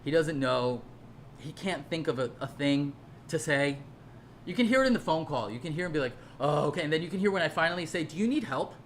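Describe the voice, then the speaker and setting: Lively, sarcastic, mocking commentary voice. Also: medium pitch, brisk, a little hiss or hum. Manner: sarcastic and mocking, laughs often. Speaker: commentary creator. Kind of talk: casual ranting commentary to camera.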